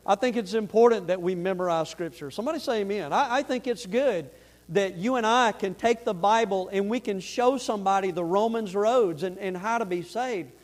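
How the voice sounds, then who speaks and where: A male pastor preaching a sermon, telling a personal story earnestly and building into fervent, shouted preaching. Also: high-pitched, normal speed.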